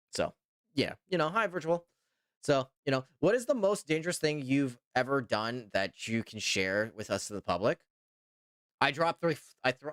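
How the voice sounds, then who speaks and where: Lively, rambling young male streamer. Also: on the high side, smooth, dry recording, studio quality. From Canada. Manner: rambling, repeats himself with lots of "you know" and "trust me". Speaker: VTuber streamer. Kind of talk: casual live-stream chat reading viewer comments.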